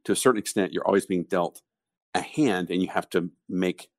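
A man co-hosting a business podcast, explaining ideas through steady, conversational storytelling. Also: deep voice, a little fast, dry recording, studio quality. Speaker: podcast co-host. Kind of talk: casual business discussion.

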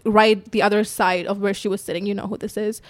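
A young woman chatting casually, telling a story bluntly with lots of swearing and an animated delivery. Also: medium pitch, quick pace, dry recording. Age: young adult. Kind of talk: casual chat.

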